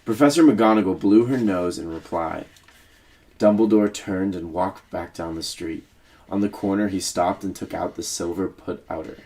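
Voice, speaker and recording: A man reads a children's book aloud, steady and measured. His voice is very low and stays grounded throughout. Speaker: teacher reading aloud.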